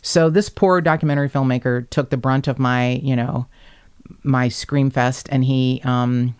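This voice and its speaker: A woman hosting a podcast, telling stories in a casual, animated way, blunt and quick to swear. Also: a bass voice, clean tone. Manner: animated, blunt storyteller who swears freely. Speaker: podcast host. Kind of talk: casual chat.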